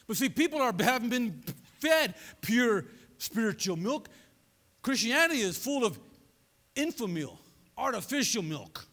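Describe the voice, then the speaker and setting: A man preaching a sermon as pastor, animated and conversational, throwing asides to his congregation. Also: very high voice, unhurried. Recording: long reverb of a large hall.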